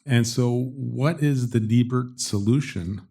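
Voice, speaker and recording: Man from Canada, gravelly, dark, raspy, low voice, rambling halting audience question. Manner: rambling, halting, self-interrupting. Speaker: audience member asking a question. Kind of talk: public Q&A question.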